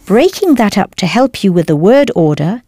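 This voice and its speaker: A woman teaching a language lesson in a clear, careful scripted delivery, spelling out words as she goes. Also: medium pitch, sing-song, moderate pace, dark tone, no room sound, clean studio sound.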